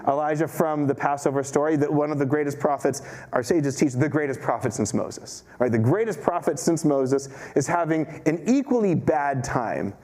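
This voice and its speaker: Storytelling rabbi, a man, slightly high. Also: expressive, normal speed, few pauses, darkish tone. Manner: storytelling, self-mocking, acts out quotes. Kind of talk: sermon. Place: synagogue chapel.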